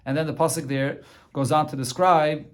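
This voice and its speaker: A man's voice: on the high side, steady tone, normal speed. Guy giving a talmud lesson, reads a bit then explains, lots of restarts and little uhs. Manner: translates Aramaic phrase by phrase with frequent restarts. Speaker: Talmud teacher.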